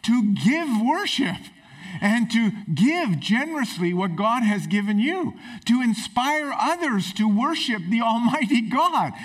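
A man's voice: very high-pitched, sing-song, measured pace. A man preaching a sermon in a church, emphatic and exclamatory. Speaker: pastor. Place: church sanctuary.

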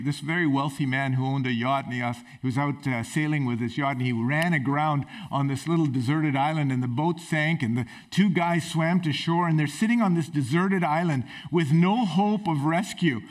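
A man preaching a sermon in a church, emphatic and exclamatory. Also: on the high side. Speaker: pastor. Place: church sanctuary.

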